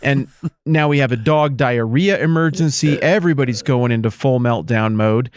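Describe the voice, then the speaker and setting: A man's voice: mid-range voice, moderate pace, clear, resonant tone, no echo. A man co-hosting a podcast, riffing through playful, exaggerated hypotheticals in casual chat. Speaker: podcast co-host.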